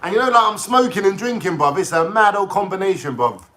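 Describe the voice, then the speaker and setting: A man ranting casually on a livestream, swearing and talking in an excitable way. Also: high-pitched, fast talker. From London.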